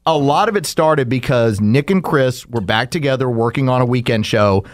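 A man's voice: mid-range voice, normal speed. A man co-hosting a podcast, telling stories in a loose, rambling way and laughing often. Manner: laughing storyteller, rambling restarts. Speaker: podcast co-host. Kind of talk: casual chat.

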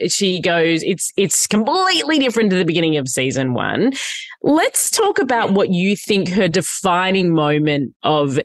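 A woman's voice: fairly low pitch, no room sound. A woman hosting a casual entertainment interview, gushing and enthusiastic, laughing often.

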